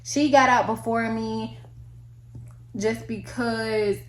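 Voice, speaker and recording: Animated young woman telling a story. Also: takes it slowly. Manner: animated, slangy, acts out quotes with big pitch jumps. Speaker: vlogger. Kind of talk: casual storytime. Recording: echoey room with faint ambience.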